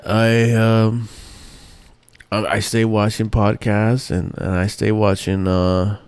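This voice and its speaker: A man's voice: on the low side, level tone, slow, darkish tone, clear, resonant tone, no room sound. A man hosting his own show, ranting in a rambling, profane, exasperated way with many restarts. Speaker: podcast host. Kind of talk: casual ranting monologue.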